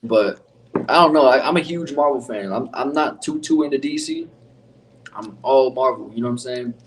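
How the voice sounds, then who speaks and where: A man with a middle-pitched voice talks in a relaxed, slangy way, cursing often. He sits a little off the mic, and a faint hiss runs underneath. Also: normal speed, recorded from a distance. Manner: laid-back, heavy swearing, slangy. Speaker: podcast host. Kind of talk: casual chat.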